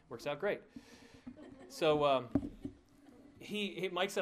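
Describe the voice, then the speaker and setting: A man's voice: fairly high pitch, animated, takes it slowly, long pauses, slight background noise. A male pastor tells a story to his congregation in a loose, conversational sermon style. He keeps restarting phrases and dropping in fillers, and he chuckles now and then at his own asides.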